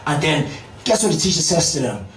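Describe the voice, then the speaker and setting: A man's voice: fairly high pitch, big pitch swings, brisk, fairly bright tone, far from the mic, slight background noise. A man performing a stand-up routine in a comedy club, swearing freely and talking straight to the crowd. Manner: profane, addresses the crowd directly. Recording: roomy club recorded from afar with crowd.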